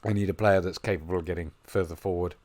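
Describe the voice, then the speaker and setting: A man commentating on his football management game, musing quietly and then breaking into excited play-by-play. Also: sits low, fast talker. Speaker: gaming video host. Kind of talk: gameplay commentary.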